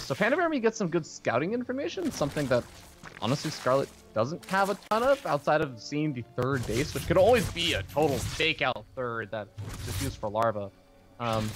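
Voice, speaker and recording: A man co-casting a live esports match in an animated, bantering way. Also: medium pitch. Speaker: esports co-caster.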